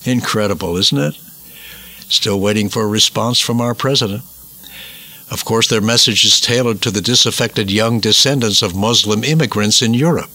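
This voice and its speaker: A bright, forceful male voice from the United States delivers emphatic commentary in a preaching cadence. He repeats words for stress and builds a steady indignation. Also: on the low side, moderate pace.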